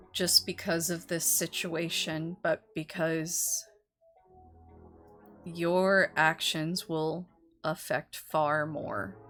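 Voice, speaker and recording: A woman voicing a motherly vampire elder woman, tender and weary, soothing and halting in a tabletop role-play. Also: low-pitched, fairly bright tone, exaggerated voice. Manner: soothing, halting, repeats words.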